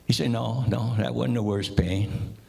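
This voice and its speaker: A man telling a short punchline joke at a comedy session in a deadpan way. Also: medium pitch, measured pace, vocal fry, slightly rough. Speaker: joke teller.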